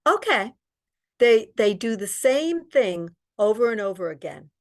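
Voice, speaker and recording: A woman's voice: medium pitch, big pitch swings, unhurried. A woman instructor leading an online exam-prep lesson, reading out test questions and explaining the answers with frequent ums. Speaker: real estate exam instructor.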